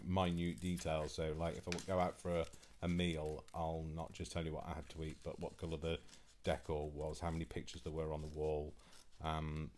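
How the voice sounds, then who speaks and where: A man's voice: extremely low pitch, a little mellow, slight background noise. A man hosting his own channel, chatting casually and earnestly, rambling and restarting his sentences as he explains himself. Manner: rambling, earnest, self-correcting with many restarts. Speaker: channel host. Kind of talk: casual chat.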